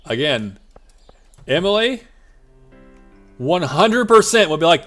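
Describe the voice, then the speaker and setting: A man's voice: on the high side, very animated, takes it slowly, a bit bright, soft background music. A man streaming a farming game live, chatting to himself in a rambling, jokey way with lots of side tangents. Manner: rambling, jokey, self-talking asides. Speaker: VTuber streamer. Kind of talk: live-streamed gameplay commentary.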